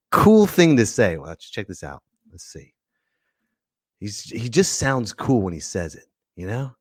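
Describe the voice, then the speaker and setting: An excitable man hosting a casual live-stream podcast, playful and full of jokey asides. His voice swings up and down a lot, and the sound is dry and close. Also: mid-range voice, no room sound. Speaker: podcast host.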